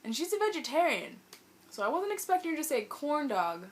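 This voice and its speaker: Casting: woman vlogger, fairly high voice, animated and amused storytelling. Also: a little fast. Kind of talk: storytime vlog.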